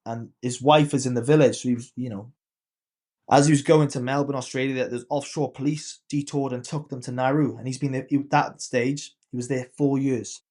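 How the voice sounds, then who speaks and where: A man's voice: mid-range voice, steady tone, moderate pace, darkish tone. A man in his thirties, a podcast guest and coach, casually telling a personal story and acting out the quoted dialogue.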